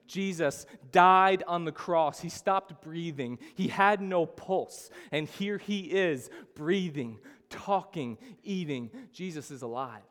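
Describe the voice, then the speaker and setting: A man preaching a sermon as a pastor, telling the story with sudden rises in pitch and volume. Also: fairly bright tone, clean tone. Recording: long hall reverb.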